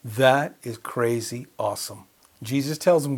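A man with a husky, breathy voice leads a Bible study sermon in a conversational way. He chuckles often and throws questions out to the people listening, at an ordinary mid pitch. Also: lively intonation, normal speed, darkish tone. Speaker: preacher.

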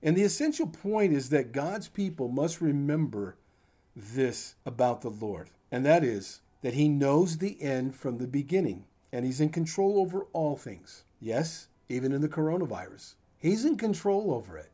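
A man's voice: fairly high pitch, animated, moderate pace, warm tone. An older man preaching a sermon in a conversational, folksy way, with asides to his congregation. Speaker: pastor.

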